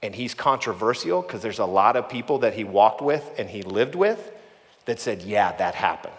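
A man's voice: on the low side, animated, normal speed. A man preaching a sermon, earnest and emphatic, acting out the voices he quotes. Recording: long hall reverb.

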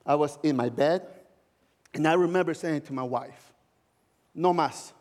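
A male pastor preaching a sermon, telling a personal story in a heartfelt way with soft laughs. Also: a little high, normal speed, big-room sound.

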